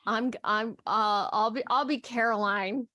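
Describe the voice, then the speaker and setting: Podcast host with a light Texan accent. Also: female voice, a little high, fairly even intonation, a little slow, bright, forceful tone, no echo, studio quality. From El Paso, Texas. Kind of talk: casual interview.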